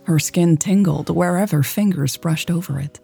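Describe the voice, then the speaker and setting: A woman narrates a romance story in a soft, hushed, unhurried voice. Her tone is low and dark, with a gravelly edge. Faint music plays behind her.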